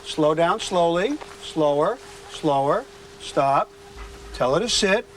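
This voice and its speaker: A man leads a hands-on dog training session, coaching in firm, clipped commands. His voice sits a little high. He is picked up from some distance outdoors, with faint traffic and ambience behind him. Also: animated, slow.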